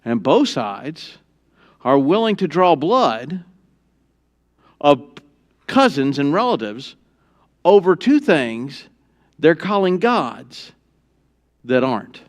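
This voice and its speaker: A man with a high-pitched voice preaches a sermon from a church pulpit. He talks to the congregation in a joking, conversational way, then climbs to loud, emphatic peaks before dropping back to quiet asides. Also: sing-song, slow pace, long pauses. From Texas. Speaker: pastor. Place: church sanctuary.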